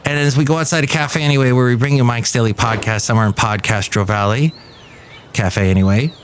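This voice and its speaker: A man's voice: mid-range voice, fast talker, a little hiss or hum. A middle-aged man from the United States hosting a podcast, telling a personal story in a rambling, casual way with restarts. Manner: rambling anecdotal delivery with restarts and acted quotes. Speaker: podcast host.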